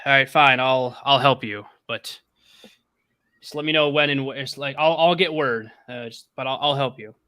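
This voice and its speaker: A man voicing a hooded stranger who speaks slowly and theatrically. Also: mid-range voice, sharp tone, clean tone, close to an everyday voice. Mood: reluctant. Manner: slow, theatrical delivery. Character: hooded man in a dark room, slow and dramatic.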